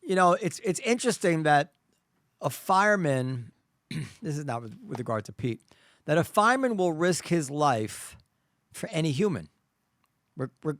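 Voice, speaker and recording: A middle-aged man hosting a casual chat, thinking aloud in halting phrases with frequent restarts. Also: on the high side, sing-song, fairly bright tone, no room sound. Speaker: host.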